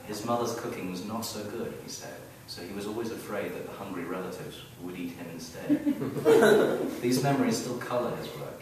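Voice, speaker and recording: A man reading his own story aloud at a live event, wry and expressive, building up the action. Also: deep voice, noisy background. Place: event hall, heard from the audience area. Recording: very echoey hall, mic far off.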